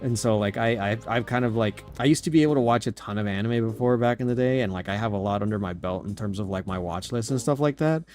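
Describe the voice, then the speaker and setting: A man's voice: lowish voice, quick pace, hardly any pauses, a little mellow, soft background music. A young man casually commenting on a game stream, rambling with lots of fillers. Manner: rambling, filler-heavy, self-deprecating.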